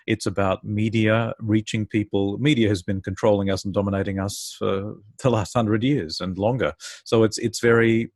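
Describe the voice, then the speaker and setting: A man's voice: lowish voice, steady tone, normal speed, a little mellow, dry recording, clean studio sound. A man taking part in a casual online interview as co-host, often repeating his own phrases.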